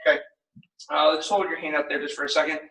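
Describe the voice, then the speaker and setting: High bright male voice, martial arts instructor, upbeat coaching, heard from a distance. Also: fast talker, vocal fry. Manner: upbeat, coaching and counting reps with laughs. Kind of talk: teaching a class on video.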